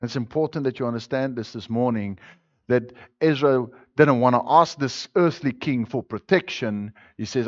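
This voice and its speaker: A male pastor preaching a sermon, swinging between loud, emphatic declarations and quiet, intimate passages. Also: mid-range voice, normal speed, no room sound. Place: church. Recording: dull, dry lo-fi sermon recording.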